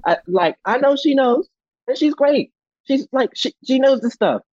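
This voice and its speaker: Young man, husky, passionate interview talk, dull dry sound. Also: moderate pace, no room sound. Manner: passionate, restarts often, rising pitch when animated. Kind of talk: candid conversational interview.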